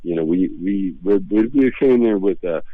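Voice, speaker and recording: A man's voice: low-pitched, lively intonation, moderate pace, no room sound, narrow, tinny audio. An older man, a comedian, telling rambling, laid-back stories as a radio interview guest, often restarting his sentences. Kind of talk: casual storytelling.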